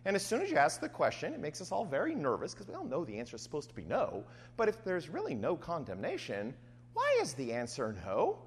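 A woman preaching a sermon, reading scripture aloud and acting out voices in an animated way. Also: low-pitched, quick pace, husky, long reverb tail.

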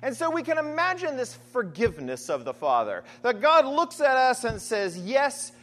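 Male pastor, sermon, chatty and animated, higher voice. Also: moderate pace. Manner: conversational, frequent "right?" asides and restarts.

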